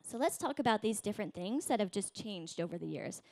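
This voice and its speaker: A woman in her thirties preaching a sermon in a conversational way, tagging her points with a quick "right?" and acting out quoted voices. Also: animated, creaky, darkish tone, no room sound. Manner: acts out voices in quotes, rising high. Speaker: pastor.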